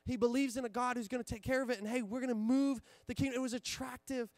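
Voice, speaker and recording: A young man delivers his sermon as a loose, animated anecdote, stumbling over restarts and fillers. His voice sits high, and the sound is dry and close. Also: quick pace, dry recording. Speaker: pastor. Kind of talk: sermon storytelling. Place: church stage.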